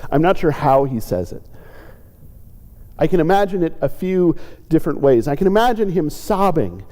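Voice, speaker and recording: A male pastor delivers a contemplative sermon in a mellow, highly animated voice at normal speed, raising his pitch to act out the pleas of the people he describes. The church sanctuary gives the recording a long, lingering reverb.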